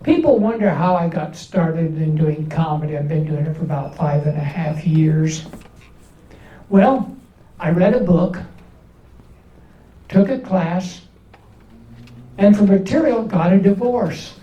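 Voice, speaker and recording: An older man works through a stand-up set at an unhurried pace, pausing before each punchline. His voice rings through a large, echoey hall. It is picked up from far off, with a faint hiss underneath. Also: fairly high pitch, mellow, highs cut off. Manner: slow one-liners with pauses before punchlines. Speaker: stand-up comedian. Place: large indoor event hall. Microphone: distant camera from the back of the room.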